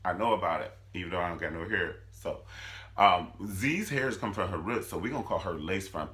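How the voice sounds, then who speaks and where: A man giving a sassy, animated comedic recap of a TV drama, swooping between squeals and low mutters. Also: fairly quick. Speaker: vlogger reviewing a TV drama.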